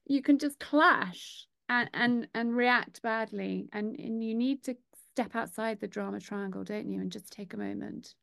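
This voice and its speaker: A woman with a high, bright-pitched voice hosts a relaxed podcast chat. She sounds chatty and reflective, and the sound is close and dry with no room echo. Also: measured pace, creaky, smooth. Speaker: podcast host. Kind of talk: casual conversational interview.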